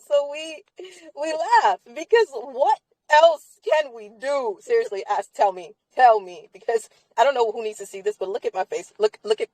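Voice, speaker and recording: A woman's voice: fairly high pitch, darkish tone, no echo, poor audio. A tired woman co-hosting a live-stream chat, emphatic and repetitive, swearing freely. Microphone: streaming mic.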